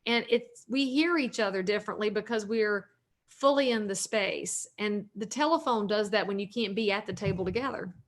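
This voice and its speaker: A woman's voice: medium pitch, moderate pace. A woman in her forties from North Carolina with a Southern US accent, a realtor and author talking at length in a casual interview, upbeat and joking.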